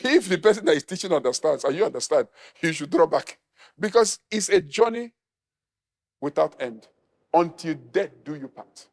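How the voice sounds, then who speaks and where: A middle-aged pastor from Nigeria preaches with humor, acting out the people he quotes. His voice sits high for a man and swings widely up and down as he drives his points home. It is an animated sermon delivery throughout.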